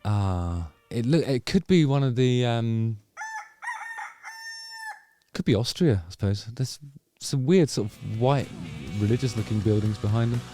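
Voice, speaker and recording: A man's voice: mid-range voice, lively intonation, a little slow. A man hosting a music review video, musing through casual reaction commentary and trailing off into self-corrections. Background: faint music from the video under review.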